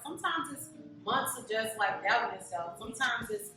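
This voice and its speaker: A woman's voice: a little high, a little fast, pushed and bright, heavy reverb, far from the mic, slight background noise, rough recording. A woman hosting a podcast interview, enthusiastic and affirming as she talks with her guest. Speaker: podcast host. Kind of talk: casual interview conversation.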